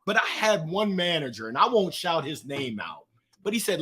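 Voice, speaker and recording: A middle-aged man telling stories as an interview guest, lively and acting out the voices of people in his anecdotes. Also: on the high side, moderate pace, slightly rough. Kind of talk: animated storytelling.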